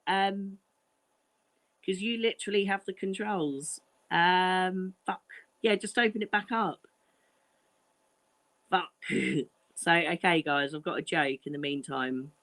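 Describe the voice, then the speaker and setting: A woman's voice: mid-range voice, fairly bright tone. Giggly, sweary woman filling dead air. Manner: giggly, sweary, rambling with fillers. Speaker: stand-in co-host. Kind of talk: casual livestream chat.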